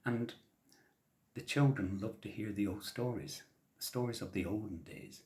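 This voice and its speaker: A man telling traditional stories to children in a gentle, soft-spoken way that often drops to a whisper. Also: fairly low pitch, unhurried. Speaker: traditional storyteller. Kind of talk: storytelling for children.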